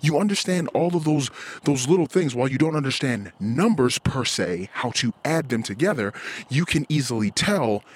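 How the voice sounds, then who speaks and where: A man talks into his mic as he walks along a quiet street outside. His voice is husky and very lively in pitch. He rambles and swears freely in a casual solo podcast rant. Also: normal speed. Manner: rambling, profane, frustrated; acts out quoted voices. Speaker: podcast host. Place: outdoors, walking in a cul-de-sac.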